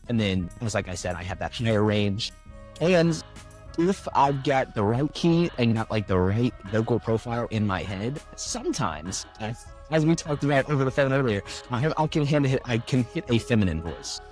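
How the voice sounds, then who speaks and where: A young adult man talks about his voice work in a relaxed, rambling way, leaning on "like" and "you know". His voice sits on the lower side and moves around a lot in pitch. Faint music plays in the background. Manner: loose and chatty, full of "like" and "you know". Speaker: voice actor guest. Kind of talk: casual interview chat.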